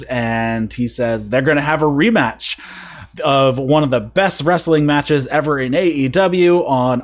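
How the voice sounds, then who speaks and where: A man hosting a podcast, casually recapping wrestling events at length and chuckling at the funny bits. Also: medium pitch. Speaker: podcast host. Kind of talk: casual wrestling review chat.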